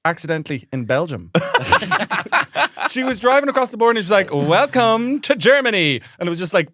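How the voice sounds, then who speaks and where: A man's voice: high voice, very animated, fast, a bit bright, no room sound, studio quality. A man co-hosting a podcast, telling rambling comic stories and laughing as he goes. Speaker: podcast co-host. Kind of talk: comic storytelling chat.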